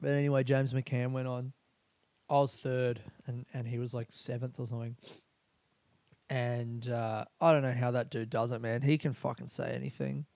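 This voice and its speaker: A man's voice: medium pitch, level tone, moderate pace, gravelly, darkish tone, no echo. A young man, a comedian, talking through a candid, rambling personal monologue full of fillers and swearing. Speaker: comedian podcast host.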